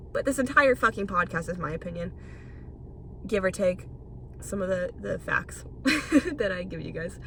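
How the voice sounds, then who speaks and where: A young woman hosting a casual solo podcast, talking in a loose, rambling way and swearing freely. Her voice is bright and edgy and sits slightly high. A faint background noise runs under the recording. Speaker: podcast host.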